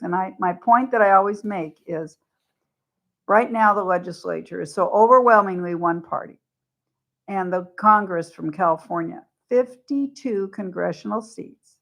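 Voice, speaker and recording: Gravelly-voiced woman guest on radio. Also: on the low side. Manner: conversational, explains at length with restarts. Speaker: guest, political candidate. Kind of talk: radio interview talk. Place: radio studio.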